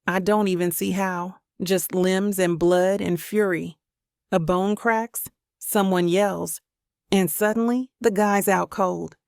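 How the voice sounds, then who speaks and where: Woman narrator for a romance audiobook, slow, gravelly, emotional, dry close mic. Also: medium pitch, fairly even intonation, a little mellow, dry recording. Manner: dramatic, emotional delivery.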